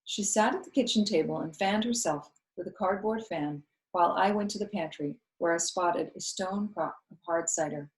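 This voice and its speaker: A woman, a school co-founder, reading a novel aloud in steady storytelling narration. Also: lowish voice, moderate pace, few pauses. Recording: roomy echo.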